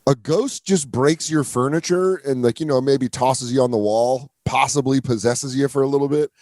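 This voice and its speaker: A man from Colorado, a guest comedian in casual podcast chat, telling stories with animated jumps into impressions. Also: moderate pace, dry recording, clean studio sound. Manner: animated storyteller who jumps into high-pitched impressions.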